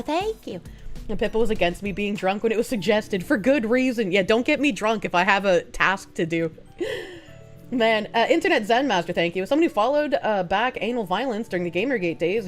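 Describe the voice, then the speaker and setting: Lively high-voiced woman streamer. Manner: lively, swears freely, quick laughs. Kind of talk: casual livestream chat, reading donations.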